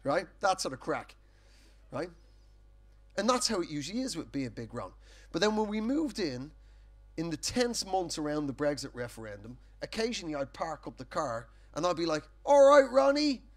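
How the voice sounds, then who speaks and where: A man's voice: on the high side, very animated, normal speed. An Irish man doing a live stand-up set on a festival stage, telling sweary, punchy stories full of tag questions. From Ireland. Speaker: stand-up comedian.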